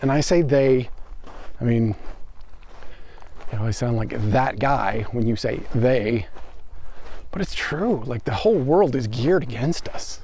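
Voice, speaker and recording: A man's voice: mid-range voice, a little slow, pauses often, dark tone, a little hiss or hum. A man vlogging while walking outdoors on a desert wash, talking in a loose, reflective way with lots of fillers. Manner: rambling, reflective, many fillers. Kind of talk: casual walking vlog.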